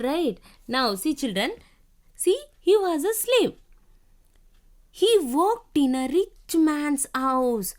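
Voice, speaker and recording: A woman with an Indian English accent teaching a young children's class, reading a story aloud slowly and spelling out words letter by letter. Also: sits high. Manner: instructive, repeats directions to children. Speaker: schoolteacher.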